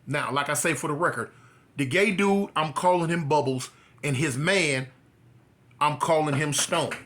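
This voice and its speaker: Man from California, ex-prisoner type, fairly high forceful voice, animated casual storyteller. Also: normal speed. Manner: animated, acts out dialogue with rising pitch. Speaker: former prisoner telling his story.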